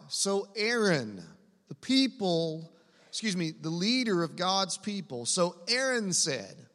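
A man preaches in a lively, conversational way, throwing asides to his listeners. His voice sits high and sounds bright and forceful. The sound carries a long reverb from a church hall. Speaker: pastor. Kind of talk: sermon.

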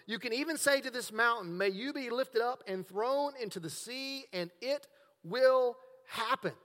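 A male pastor delivers a sermon in a high, bright voice, dropping to hushed lines and then building to emphatic, raised passages. His words ring out with a long reverb, as in a large church hall. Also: unhurried. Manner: preaching with swings between hushed and emphatic.

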